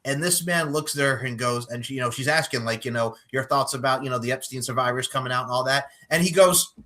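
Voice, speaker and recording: A man hosting a casual podcast chat, swearing freely and working himself into loud, animated rants. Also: mid-range voice, quick pace. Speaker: podcast host.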